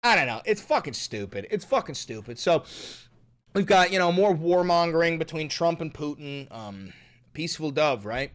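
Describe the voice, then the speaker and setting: A man's voice: on the high side, expressive, normal speed. A man hosting casual political commentary, sarcastic and profane, mocking the people he quotes.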